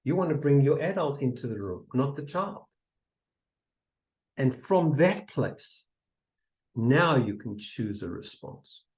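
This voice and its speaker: A man giving a motivational seminar talk, emphatic and repetitive, sometimes dropping to a soft near-whisper to demonstrate. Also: medium pitch, sing-song, slow, pauses often, rough recording. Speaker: seminar speaker.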